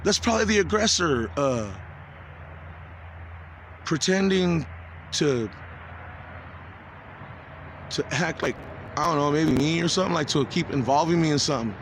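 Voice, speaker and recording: A man in his forties with a high-pitched voice pours out an agitated, swearing monologue to camera. He trips over his words and restarts constantly. Faint traffic noise hums behind him. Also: expressive, a bit bright. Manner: agitated, profane, halting with many restarts. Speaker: vlogger. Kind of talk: rambling confessional video monologue.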